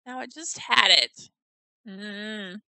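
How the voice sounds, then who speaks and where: A woman's voice: medium pitch, takes it slowly, vocal fry, bright, forceful tone, no room sound, low-quality recording. A woman giggling and thinking aloud in casual commentary as she tours a house in a game. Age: adult. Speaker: gamer touring a player-built house.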